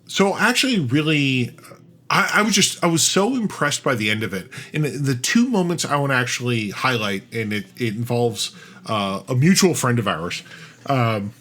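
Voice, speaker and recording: Rambling, animated male podcast host. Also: mid-range voice, normal speed. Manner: rambling, animated, many restarts and fillers. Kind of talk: casual storytelling chat.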